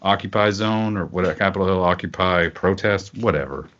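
A man with a fairly low voice chats through a political podcast segment. He rambles and circles back with many fillers. The audio is dull and lo-fi. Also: a little fast, a bit bright, a little hiss or hum. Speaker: podcast co-host. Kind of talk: casual political podcast chat.

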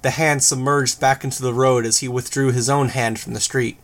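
A man reads a first-person novel aloud in an even, measured way. Plain audiobook narration. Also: medium pitch.

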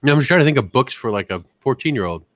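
A man's voice: mid-range voice, expressive, rapid-fire, fairly bright tone, no echo. A man co-hosting a casual podcast, joking and profane, often slipping into put-on voices. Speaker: podcast co-host. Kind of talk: casual chat.

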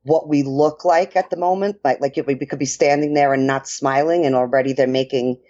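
A woman's voice: rumbling low, fairly quick. Chatty New York woman, slightly muffled. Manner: chatty, many fillers, lively quoted asides. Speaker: podcast co-host and dance professional. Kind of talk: casual chat.

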